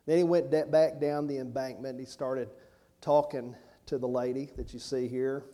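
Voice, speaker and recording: A man's voice: medium pitch, steady tone, normal speed, mellow. A man preaching a sermon in a folksy, conversational way, with rhetorical questions, rising to emphatic passages.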